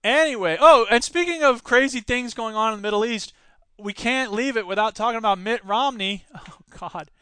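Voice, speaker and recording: A sarcastic man hosts his own podcast, reading out news stories and then tearing into them in a lively, joking way. His voice sits high and sounds crisp and smooth, and the recording is dry and close with no room sound. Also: moderate pace, no echo. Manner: sarcastic, animated, jumps between topics. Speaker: podcast host. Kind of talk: solo news commentary podcast.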